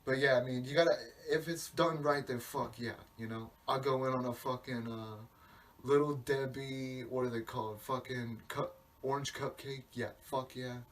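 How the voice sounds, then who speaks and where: A man's voice: medium pitch, steady tone, normal speed. Man rambling profanely on a podcast. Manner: profane, meandering, self-interrupting. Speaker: podcast host. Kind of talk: rambling comic monologue. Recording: distant mic, faint background hiss.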